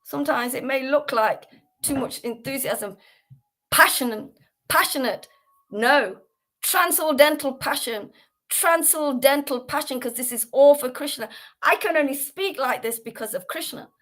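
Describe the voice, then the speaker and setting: A woman's voice: high voice, measured pace, a bit bright. Earnest British woman rambling on a livestream. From United Kingdom. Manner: rambling, earnest, with frequent fillers and restarts. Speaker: devotional class host. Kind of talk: casual devotional livestream talk.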